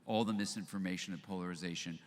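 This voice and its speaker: An older man giving a live storytelling talk to an audience, animated as he acts out both sides of remembered conversations. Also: deep voice, fast, slight background noise. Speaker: speaker at a live book launch event. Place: event venue with audience. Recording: long hall reverb, faint ambience.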